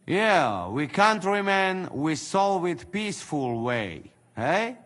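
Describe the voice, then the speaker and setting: An actor playing a crude, wheedling mercenary who speaks broken English with a Slovak accent. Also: male voice, sits high, big pitch swings, slow pace, a bit bright, in a large hall, exaggerated voice. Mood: coaxing. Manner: broken English, coaxing, haggling.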